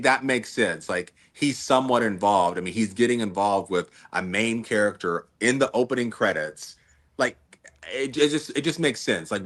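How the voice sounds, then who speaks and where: A man's voice: on the low side, a bit bright. A man co-hosting a casual recap chat, rambling through his theory with many "like"s and restarts. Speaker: podcast co-host.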